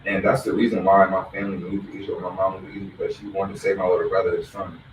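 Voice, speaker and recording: A man from Philadelphia, a guest in an interview, talking fast and loose with street slang. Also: low-pitched, flat delivery. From Philadelphia area. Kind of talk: casual interview talk. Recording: roomy echo, distant mic, noisy background.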